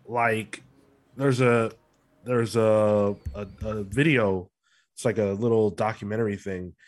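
A man's voice: lowish voice, steady tone, slow pace. Man musing casually on a podcast. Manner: thoughtful, filler-heavy musing. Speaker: podcast co-host. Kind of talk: casual comic book chat.

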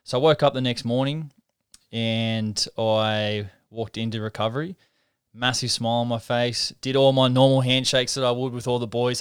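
A man's voice: medium pitch, flat delivery, moderate pace, smooth, no echo, studio quality. A man, a guest in a casual interview, telling a story in a reflective, earnest way with many restarts. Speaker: interview guest, professional rugby league halfback.

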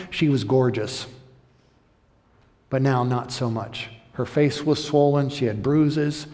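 A male pastor preaching a sermon with passion, building to loud, emphatic peaks. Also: on the high side. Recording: echoey hall.

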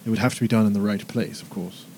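A man playing a tabletop role-playing game, speaking in character in a slow, formal, hesitant way. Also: lowish voice, steady tone, a little mellow, slight background noise.

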